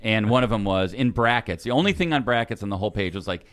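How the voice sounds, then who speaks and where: A man co-hosting a podcast, chatting casually and chiming in quickly with details. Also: fairly low pitch, animated, a bit bright. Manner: quick, conversational, chimes in with details. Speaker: podcast co-host. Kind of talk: casual chat.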